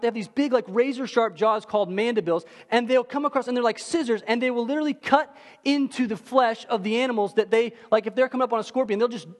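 A man delivers a sermon in a lively, conversational style, leaning on fillers and asides. His voice is pitched very high for a man. A long hall reverb trails behind his words. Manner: animated, conversational, many fillers. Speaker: preacher.

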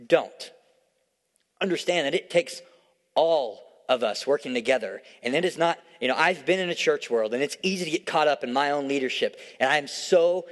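Impassioned male preacher in a reverberant hall. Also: medium pitch. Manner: impassioned, emphatic repetition. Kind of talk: sermon. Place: church.

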